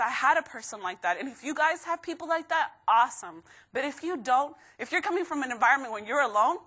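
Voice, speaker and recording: Woman motivational speaker, bright tone, slightly high voice, lively storytelling, live student audience. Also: husky. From Texas, USA. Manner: lively storytelling with acted quotes and laughs.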